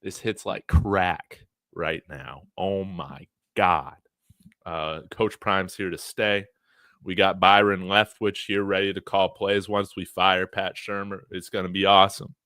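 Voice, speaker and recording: A man hosting a college football fan livestream, talking in an excited, brash, trash-talking way. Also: deep voice, unhurried, smooth, no echo, studio quality.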